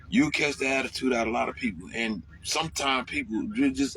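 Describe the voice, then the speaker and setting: A man's voice: mid-range voice, fairly quick, hardly any pauses, slightly rough, faint music behind. Profane ranting trucker man. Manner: profane, animated ranting with sudden yelled outbursts. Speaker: truck driver. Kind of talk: casual rant to camera.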